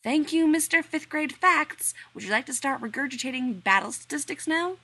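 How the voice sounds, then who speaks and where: An irritable, sarcastic man of science rants in indignant bursts, his voice jumping high and loud whenever he is riled, as a woman reader puts him on. It is a storybook reading with a huffy, exasperated edge. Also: lively intonation, moderate pace, full character voice. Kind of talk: audiobook reading.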